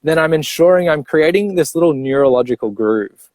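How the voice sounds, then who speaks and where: A man coaching on breathing, explaining step by step in a clear, teacherly way and checking in with the listener as he goes. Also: fairly high pitch, animated, fairly quick, darkish tone, no echo. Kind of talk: explanatory interview talk.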